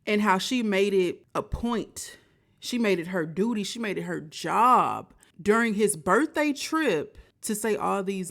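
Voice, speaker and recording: A woman hosts a reaction show in a casual, chatty way, talking straight to her viewers. Her voice has a steady gravelly fry at a mid pitch.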